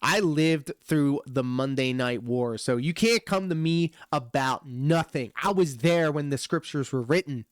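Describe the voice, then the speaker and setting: Sarcastic guy streaming reactions, kinda high voice, laughs a lot, dry sound. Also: moderate pace, hardly any pauses, dry recording. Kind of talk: casual reaction commentary.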